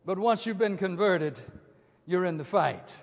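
An older man preaches with a strikingly high voice. He repeats his phrases, quizzes the congregation, and swings between near-whispered lines and shouted climaxes. The recording sounds muffled and rings with a long church-hall echo. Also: expressive, unhurried, creaky. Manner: swings from hushed low phrases to shouted peaks. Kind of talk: sermon.

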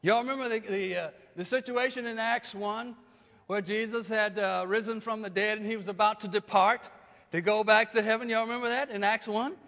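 A man preaching a sermon, often asking the congregation questions and rising to loud, emphatic peaks. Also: sits high, fairly even intonation, fairly quick. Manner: call-and-response preaching, asks the congregation questions. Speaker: pastor. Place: church. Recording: dull lo-fi church hall recording.

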